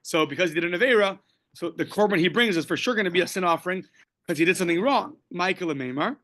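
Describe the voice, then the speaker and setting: A man whose voice sits high and sounds sharp teaches a daily Talmud session at a quick pace. He walks through the text step by step, quoting Aramaic and Hebrew phrases, with casual joking asides.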